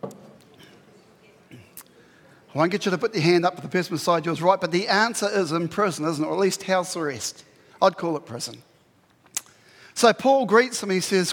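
High-voiced New preacher in a hall. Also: male voice, normal speed. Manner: conversational, animated preaching with rhetorical questions. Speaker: pastor. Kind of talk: sermon. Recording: long hall reverb.

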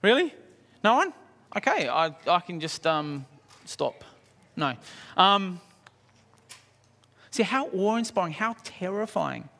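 A man preaching a sermon, animated, acting out scenes and asking the congregation questions. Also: high voice, slow, gravelly, long pauses. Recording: reverberant hall.

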